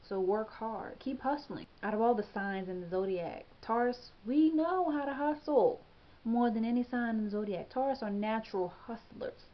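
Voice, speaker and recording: A woman's voice: medium pitch, normal speed, hardly any pauses, highs cut off. A woman hosting her own astrology channel, talking casually and emphatically to camera, often asking "okay?" and laughing as she gets tongue-tied. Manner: chatty, emphatic, frequent "okay?" and "you know". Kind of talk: casual tarot-style forecast to camera.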